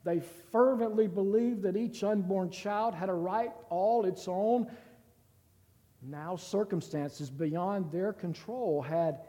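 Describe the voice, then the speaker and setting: A man reading a story aloud in a slow, deliberate and somber way, with a long reverb. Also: high voice, dark tone.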